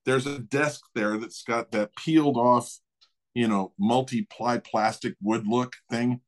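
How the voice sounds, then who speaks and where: Middle-aged man, animated storyteller, casual chat, laughs a lot, mid-pitched voice. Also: measured pace. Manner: animated, acts out others' voices, laughs often. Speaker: guest storyteller. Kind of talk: casual anecdote in conversation.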